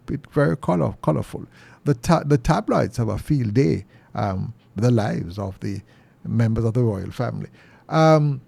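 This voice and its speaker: A middle-aged Jamaican man hosting a commentary show, talking earnestly and preachily, his pitch jumping high when he presses a point. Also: gravelly, dark tone, dry recording. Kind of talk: opinion monologue.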